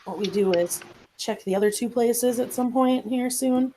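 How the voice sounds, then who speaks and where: A woman's voice: a little high, normal speed, mellow, a little hiss or hum, rough recording. A woman asking questions and reporting findings in a tabletop game, hesitant and full of fillers. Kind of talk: casual tabletop game play.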